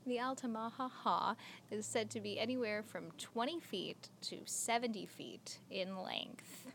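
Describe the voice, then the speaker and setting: A woman's voice: medium pitch, a little slow, vocal fry, fairly bright tone, slight background noise. A young woman co-hosting a podcast, chatty and giggly, telling a story with lots of filler words. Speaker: podcast co-host. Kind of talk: casual podcast chat.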